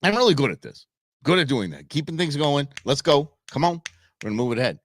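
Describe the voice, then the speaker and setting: A man's voice: medium pitch, racing. A middle-aged man hosting a live outdoors show from his desk, telling stories in a casual monologue and acting out what people said. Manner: animated storyteller acting out quotes. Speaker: show host. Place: home studio at a computer.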